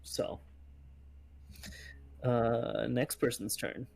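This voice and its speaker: A man running a tabletop game as game master, easygoing and often pausing with fillers. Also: mid-range voice, darkish tone.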